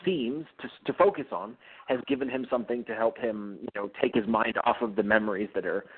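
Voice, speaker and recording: A man's voice: lowish voice, a little fast, breathy edge. A man being interviewed as a guest author, talking eagerly with frequent fillers and restarts over a tinny phone line. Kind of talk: casual interview chat.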